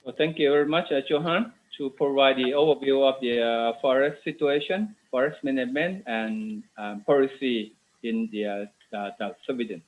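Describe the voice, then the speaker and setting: A man's voice: mid-range voice, normal speed. A man moderating a forum, introducing speakers with frequent fillers. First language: Thai. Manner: hesitant, many fillers. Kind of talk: moderating a panel. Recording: tinny phone-like line.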